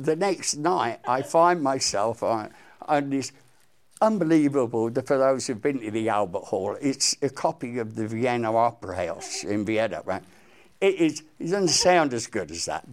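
A man's voice: medium pitch, measured pace. An older man, a musician, animatedly telling stories as an interview guest. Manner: animated, excitable anecdote telling. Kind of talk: storytelling interview.

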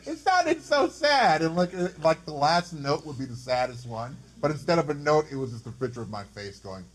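A man hosting a comedy podcast, talking in a goofy, self-mocking way with sudden shouted bursts. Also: on the high side, big pitch swings, normal speed. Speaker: podcast host. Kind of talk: comedic monologue and chat.

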